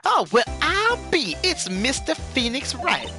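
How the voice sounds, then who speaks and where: Streamer putting on a loud southern girl photographer, feisty, pitched up high, game music behind. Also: a little slow, full character voice. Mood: surprised. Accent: American Southern. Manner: loud, brash and excitable.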